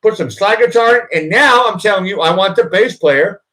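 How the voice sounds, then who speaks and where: A man with a Boston accent, hosting a live chat and coaching a nervous guest with repeated mantras. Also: brisk. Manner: emphatic, repetitive coaching, swings loud and high on mantras. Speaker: host and producer. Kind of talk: live chat pep talk.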